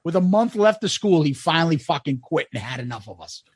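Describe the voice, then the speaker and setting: A man with a husky, high voice tells rowdy stories on a casual podcast. He is animated and profane and laughs often. His pitch jumps all over, and the sound is dry and close. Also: brisk, no echo. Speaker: podcast co-host.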